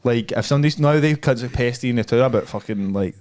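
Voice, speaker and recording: A man's voice: medium pitch, quick pace. A young man with a Scottish accent, a podcast guest telling a story in sweary banter and calling everyone mate. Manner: animated, sweary, says mate a lot. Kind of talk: casual banter. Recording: noisy background.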